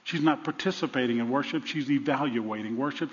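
Animated preacher in a reverberant hall. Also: male voice, mid-range voice, a little fast, few pauses. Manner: animated preaching, swings from loud to hushed. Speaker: pastor. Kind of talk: sermon. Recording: dull sound with long reverb.

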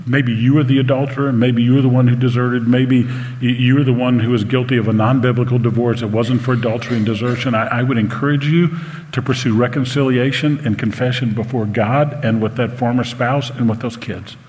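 A pastor preaches a sermon in a church sanctuary, telling personal stories earnestly and emotionally with some stammered restarts. His voice is mid-range, steady, a little fast and darkish. It's a live sermon recording with long hall reverb.

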